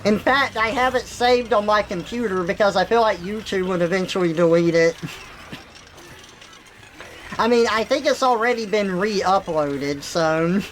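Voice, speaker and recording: A woman's voice: medium pitch, measured pace, a little hiss or hum, rough recording. A woman streaming live who chats casually and laughs often as she retells jokes. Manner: giggly, animated, retells jokes with voices.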